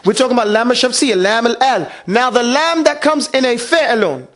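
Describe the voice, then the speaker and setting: High-voiced man teaching a class. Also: lively intonation, brisk, a bit bright. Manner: asks the class questions and drills them to repeat. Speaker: Quran recitation teacher. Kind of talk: classroom lesson.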